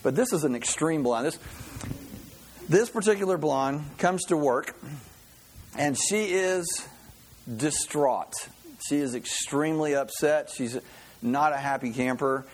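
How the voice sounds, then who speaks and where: A middle-aged man preaching a sermon in a halting, folksy way, often repeating words as he goes. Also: a little high, a little hiss or hum. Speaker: pastor.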